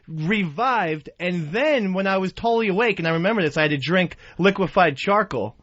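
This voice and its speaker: A man's voice: high voice, expressive, normal speed, a bit bright. A man who is a regular on a radio talk show, telling a story in a rambling, self-deprecating way. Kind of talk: casual radio banter. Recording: dull radio studio sound.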